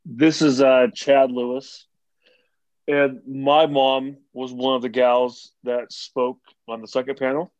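A man calling into a group call, speaking haltingly with dry humor. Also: medium pitch, little pitch movement, darkish tone, dry recording, muffled recording. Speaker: caller.

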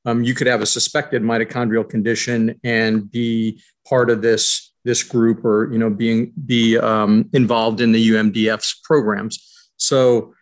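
A man's voice: medium pitch, level tone, a little slow. A man in a support group video call, explaining at length with many restarts and repeated words. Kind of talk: casual video call chat.

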